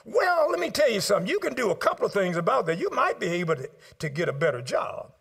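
An older male pastor with a strikingly high voice delivers a sermon. He works the congregation with call and response, lifting into sung exclamations and then sinking to quiet asides. He tells his listeners to write his points down. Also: big pitch swings, fast talker, gravelly, husky. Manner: rhythmic call-and-response preaching, swings from loud sung exclamations to low murmurs; addresses congregation directly, asks them to write down points. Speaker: preacher.

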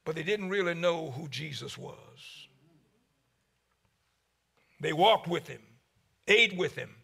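A man preaching a sermon as pastor, with a preaching cadence that swells to shouts and drops low. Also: lively intonation, slow, creaky, husky.

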